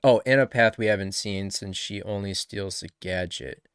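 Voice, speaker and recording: A man's voice: lowish voice, moderate pace, smooth, no echo, clean studio sound. A man streaming a live reaction, talking casually and rambling with frequent backtracking.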